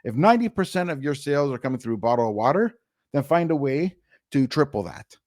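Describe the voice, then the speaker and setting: A man's voice: medium pitch, very animated, quick pace, darkish tone, no room sound, studio quality. A man guest on an interview podcast, giving blunt, down-to-earth money advice with the odd swear word. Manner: blunt, down-to-earth, mildly profane.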